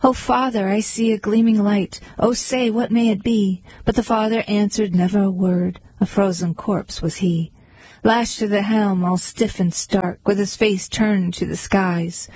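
A woman reading poems aloud in a measured recitation. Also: medium pitch, mellow, slightly rough, poor audio. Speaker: reader. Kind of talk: poetry reading.

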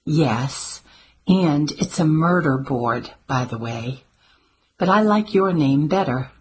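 A woman doing a brisk, clever young granddaughter. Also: deep voice, lively intonation, a little hiss or hum. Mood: earnest. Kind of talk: audiobook character voice.

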